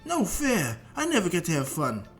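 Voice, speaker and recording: A man's voice: high voice, wildly swooping pitch, normal speed, faint music behind, pitched above the performer's own voice. A man voicing an eager, whiny little boy warrior in a spoken fan retelling. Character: small eager boy warrior, restless younger brother.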